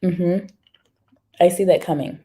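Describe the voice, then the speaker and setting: A woman's voice: fairly low pitch, fairly even intonation, a little slow, dark tone. A woman hosting a casual live stream, chatting straight to viewers and reading their comments aloud. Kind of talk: casual livestream chat.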